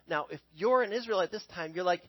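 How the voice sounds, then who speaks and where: A young man with a breathy, slightly high voice tells a Bible story in a relaxed, conversational sermon, frequently stopping to ask listeners "okay?" The dull audio sounds close and dry, with almost no room echo.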